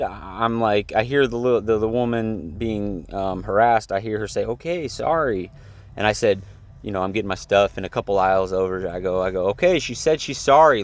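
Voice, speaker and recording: A young man telling a story in a casual vlog, rambling and heated, with lots of fillers and swearing. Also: on the low side. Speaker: vlogger. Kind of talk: casual venting vlog to camera.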